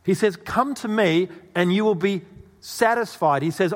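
A man's voice: sits high, normal speed. A man preaching a sermon, telling a story and asking the audience questions. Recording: long reverb in a hall.

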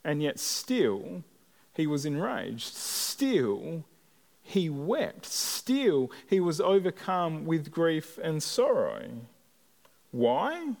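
A man preaching a sermon as a pastor, earnest and measured, with deliberate pauses. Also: fairly high pitch, wildly swooping pitch, gravelly, darkish tone. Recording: long hall reverb.

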